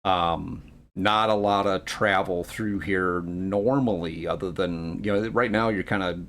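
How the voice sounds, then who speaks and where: A man's voice: low-pitched, fairly even intonation, unhurried, fairly bright tone, a little hiss or hum. A man running a tabletop game as game master, narrating the scene to a player as "you", with fillers and restarts.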